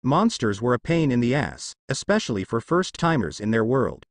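Expressive man reading fan fiction. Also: mid-range voice, moderate pace, dry recording, studio quality. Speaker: narrator.

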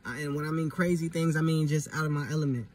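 A man's voice: fairly high pitch, fairly even intonation, quick pace, a little hiss or hum. Profane young man venting from a distance. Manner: profane, emphatic, street slang. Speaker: vlogger. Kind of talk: casual vlog monologue.

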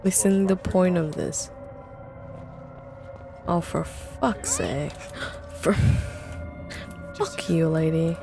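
Young woman, game streamer, slow and gravelly, jumpy and foul-mouthed, faint music underneath. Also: lowish voice. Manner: jumpy, swears a lot, talks to chat. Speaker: streamer playing a horror game. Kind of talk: live gameplay commentary.

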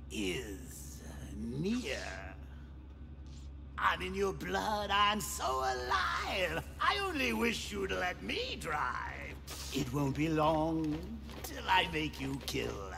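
A man's voice: sits high, creaky, full character voice. A man voicing a manic male clown villain who sings a taunting song with theatrical cackling, as a video game villain. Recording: song with music and long reverb.

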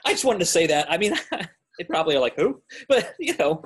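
A man co-hosting a podcast in casual chat, playful and quick with jokes. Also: a little high, sing-song, a bit bright, husky. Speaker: podcast co-host.

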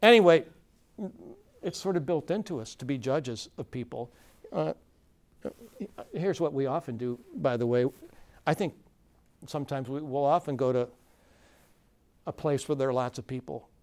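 A man's voice: mid-range voice, normal speed, long pauses, darkish tone. A man facilitating a conference workshop, talking informally to a live audience with plenty of fillers and restarts and questions thrown to the room. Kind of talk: conversational lecture to a live audience.

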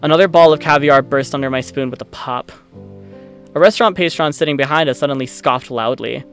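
A young man playing through a visual novel, reading it aloud with loud, profane, excitable reactions. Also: mid-range voice, brisk, soft background music. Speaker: let's play streamer.

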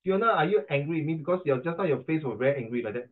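This middle-aged man talks very fast and animatedly in a voice on the high side, with a Singaporean English accent. He coaches pronunciation in an online class, teasing and chatting and slipping into Mandarin, over a tinny video call line.

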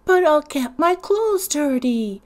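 A woman's voice: high voice, lively intonation, slow, darkish tone, voice pushed up. A woman doing a whiny little boy. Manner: whiny, questioning. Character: small fussy young boy, whiny.

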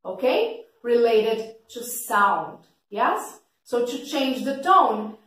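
A woman English teacher explaining vocabulary slowly and patiently, checking often with "okay?", in a fairly loud teaching voice. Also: on the high side, sing-song. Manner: describes her teaching voice as kind of loud. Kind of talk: slow vocabulary lesson for learners. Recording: very echoey room, voice from a distance.

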